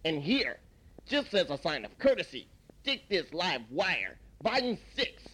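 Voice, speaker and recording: A serene old shopkeeper, as a man puts him on, speaking slowly and gently with long, measured pauses. The voice sits lower than the performer's usual tone and stays unhurried throughout a comedy sketch. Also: sing-song, slightly rough, heavily acted, poor audio. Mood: calm, placating. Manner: slow, soothing, measured with pauses. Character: calm, wise elderly male shopkeeper.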